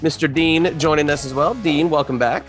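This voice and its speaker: A man hosts a comedy podcast and introduces his panel with hyped, announcer-like flair. His voice sits a bit high. Faint music plays underneath. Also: moderate pace. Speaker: podcast host.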